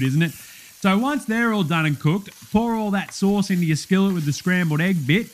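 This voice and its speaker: A man's voice: a little high, a little hiss or hum, close to an everyday voice. A man with an Australian accent, playing a brash, blokey male cooking show host in a comedy sketch, slangy and cheeky, laughing at his own jokes.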